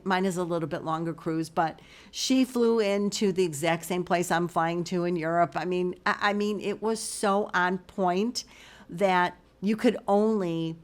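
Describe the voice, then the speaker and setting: A middle-aged woman and spiritual life coach, telling a story in a chatty, casual way and acting out both sides of the conversation. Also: on the low side. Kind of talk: casual motivational monologue.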